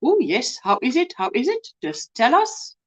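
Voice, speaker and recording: Lively high-voiced South African woman host. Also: moderate pace. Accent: South African English. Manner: warm, greets viewers by name, says "hey?" and "my sweetheart". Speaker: crochet livestream host. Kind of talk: casual live chat reading comments.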